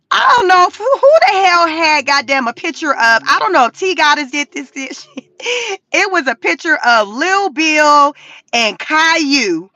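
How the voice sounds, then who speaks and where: A woman talking casually on a livestream, profane and animated, laughing often. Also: high voice, a little slow, no echo. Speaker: YouTube commentary creator.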